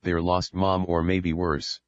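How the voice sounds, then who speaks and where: A man voicing a panicked, confused adult daughter in an audiobook, reading in a plain, low voice on a dull, dry recording. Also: flat delivery, takes it slowly, no echo. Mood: frightened.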